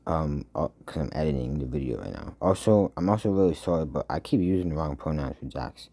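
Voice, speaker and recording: A young man with a very low voice talks casually about a cartoon episode he just watched. He rambles, trips over his words and leans on fillers as he gets emotional. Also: animated, a little fast, vocal fry, dark tone. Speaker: host.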